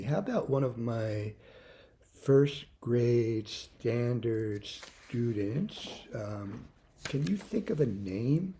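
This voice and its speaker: In a mid-range voice, a man patiently teaches music to small children, repeating words, calling out beats loudly, then lowering to soft prompts.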